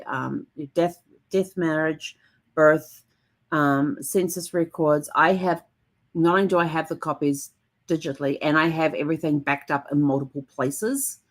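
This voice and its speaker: Chatty low-voiced woman genealogy host. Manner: chatty, animated, acts out her own reactions in a higher voice. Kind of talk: casual solo talk to camera.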